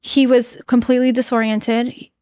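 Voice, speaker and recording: A woman in her thirties speaks as a podcast guest with a fairly high voice. She tells her story candidly and earnestly, often stopping and restarting mid-phrase. The sound is dry, with almost no room echo. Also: flat delivery, darkish tone, smooth. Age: 30s. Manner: earnest, halting, many fillers and restarts.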